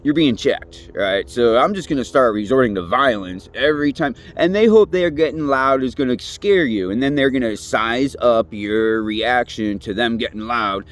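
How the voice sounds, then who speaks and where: A man's voice: mid-range voice, moderate pace, few pauses. A man in his late thirties giving a profane, rambling, heated monologue outdoors. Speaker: vlogger. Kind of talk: ranting monologue. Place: outdoors near woods.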